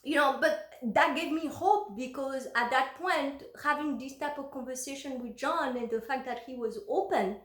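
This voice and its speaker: A woman's voice: high voice, normal speed, hardly any pauses, a bit bright, reverberant. A woman telling a personal story in a casual, emotional way, with many fillers and restarts.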